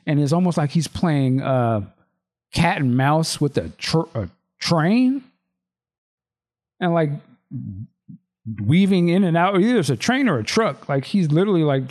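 A man's voice: fairly high pitch, darkish tone. A man hosting a casual podcast, reading a screenplay aloud with loose asides and restarts.

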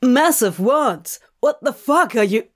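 A woman reading the lines of a blunt, swearing man in a slow, curt drawl. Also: on the high side, expressive, voice pushed up. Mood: alarmed.

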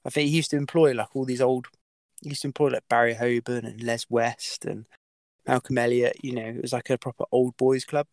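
Gravelly man telling a rambling story. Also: mid-range voice, level tone, fairly quick, no room sound. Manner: rambling, many fillers and restarts, swears. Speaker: podcast guest, cyclist. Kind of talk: casual storytelling.

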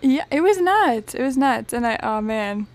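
Young woman, podcast co-host, slightly high voice, animated storytelling, casual chat. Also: moderate pace. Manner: animated storyteller, heavy use of "like".

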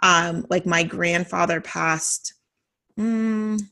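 A woman's voice: fairly low pitch, drawn-out words, pushed and bright. A woman in her thirties, a mother, chatting casually in a reflective, hesitant way with many fillers. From Oregon, United States. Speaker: mother, conversation partner. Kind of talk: casual chat.

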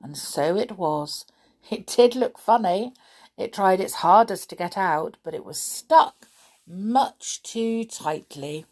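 A woman reading a children's storybook aloud in an expressive, measured storytelling manner. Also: medium pitch.

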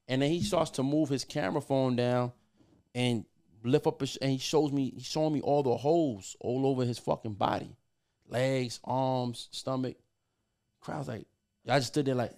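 Male guest spinning a profane story, lively pitch swings, mid-range voice. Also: moderate pace. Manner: animated, profane storyteller who acts out quotes. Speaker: podcast guest. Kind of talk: casual storytelling.

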